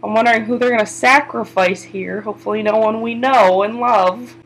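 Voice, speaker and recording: Chatty high-voiced young woman recapping. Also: moderate pace, slight background noise, poor audio. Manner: chatty, swearing, frequent "like", sudden excited exclamations. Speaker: TV episode reviewer. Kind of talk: casual recap vlog.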